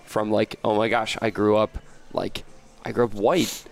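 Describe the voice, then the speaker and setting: American man, low voice, rambling, animated, lots of restarts, casual podcast chat. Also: a little slow, vocal fry. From United States. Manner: rambling, animated storytelling with many restarts and fillers. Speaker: podcast guest.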